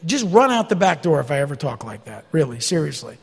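High, lively preacher in a reverberant hall. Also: male voice, fast, creaky, hardly any pauses, husky. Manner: folksy, emphatic preaching with mocking asides. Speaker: pastor. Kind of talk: expository sermon. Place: church sanctuary.

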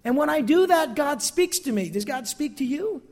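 A man preaching a sermon as pastor, expressive and calling out to his congregation for amens. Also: very high voice, normal speed, in a large hall.

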